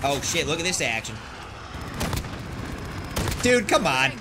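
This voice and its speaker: A young man streaming a shooter game, trash-talking opponents and cheering his own plays with brash, excited commentary. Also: a little high, slow. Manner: brash trash talk with excited yelps and laughs. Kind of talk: live gameplay commentary. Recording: noisy game audio behind voice. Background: gunfire from the game.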